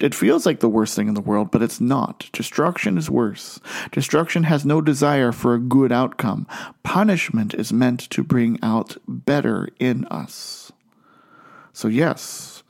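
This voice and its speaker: A man preaching a sermon in an earnest way, slowing down and lifting his voice on key phrases. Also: mid-range voice, creaky, darkish tone. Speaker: pastor.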